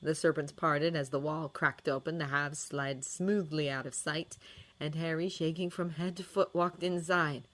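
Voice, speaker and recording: Female narrator, low register, expressive dramatic audiobook reading. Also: normal speed. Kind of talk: fan fiction audiobook reading.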